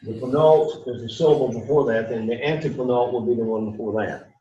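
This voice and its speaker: A man's voice: mid-range voice, a little fast, mellow, highs cut off. A middle-aged man teaching a Greek class, lecturing to students in an emphatic way and repeating his key points.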